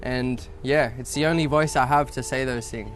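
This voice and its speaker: A man's voice: medium pitch, fairly even intonation, normal speed, slight background noise. A young man with a Western Sydney Australian accent, talking casually in an interview, laid-back and sweary, with lots of fillers. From South-West Sydney, Australia. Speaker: rapper interviewee.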